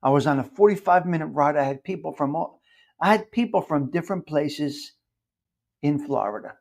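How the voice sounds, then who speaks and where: A man's voice: a little high, animated, normal speed, vocal fry, a little mellow. A man with a North Jersey accent, talking casually in a rambling monologue and repeating words for emphasis. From New Jersey. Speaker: podcast host.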